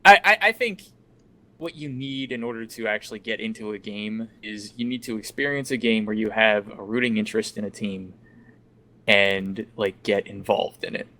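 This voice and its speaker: A man's voice: fairly low pitch, moderate pace, bright, forceful tone. A man chatting on a podcast, explaining game rules at length with lots of filler words. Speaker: podcast co-host. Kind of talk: casual podcast chat.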